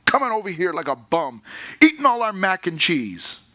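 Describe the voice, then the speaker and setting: A man's voice: high-pitched, big pitch swings, moderate pace, bright, forceful tone, voice pushed up, heavily acted. A man putting on the voice of an angry father who throws a spear at a guest. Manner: blustering, indignant.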